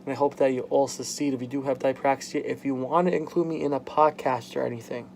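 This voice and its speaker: Gravelly-voiced young man, frank vlogger. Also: mid-range voice, fairly even intonation, darkish tone, slight background noise. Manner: frank, halting, lots of "like" fillers. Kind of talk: candid personal vlog. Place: home, at a workbench.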